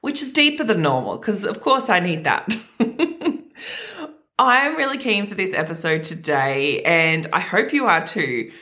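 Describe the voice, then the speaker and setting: A young Australian woman hosting a wellness podcast, talking in an energetic, chatty way with a slightly deeper morning voice. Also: a little slow. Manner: energetic, chatty, hype-girl enthusiasm. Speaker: podcast host and wellness coach. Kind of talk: upbeat podcast monologue.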